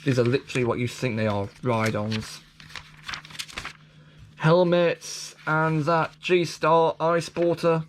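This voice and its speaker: A man's voice: a little high, steady tone, slow, background noise. A man rambling through a toy catalogue in casual commentary, stumbling over restarts and throwing in self-deprecating asides. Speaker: vlogger reviewing a toy catalogue.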